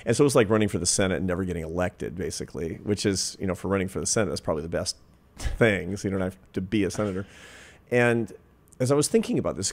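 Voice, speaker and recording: A man in his fifties, a social scientist appearing as an interview guest, earnestly tells a personal anecdote while reflecting in conversation. He has a low voice with a darkish tone.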